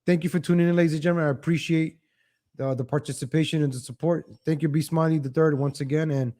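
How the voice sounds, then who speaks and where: A man's voice: a little high, fairly even intonation, fast talker. A man hosting a casual morning livestream, chatting loosely and thanking viewers in the chat. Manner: rambling, warm toward chat viewers, frequent restarts. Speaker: host.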